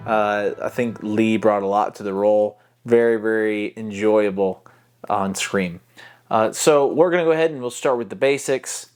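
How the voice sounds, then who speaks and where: At normal speed and a mid-range pitch, a male voice-acting coach talks through technique in a casual vlog tutorial. He demonstrates as he goes, uses lots of fillers, and now and then touches the close mic.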